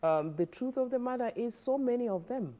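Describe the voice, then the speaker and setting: A woman's voice: fairly high pitch, lively intonation, fairly quick, warm tone. A woman, a guest expert on a studio television interview, explaining earnestly and often repeating words as she advises parents.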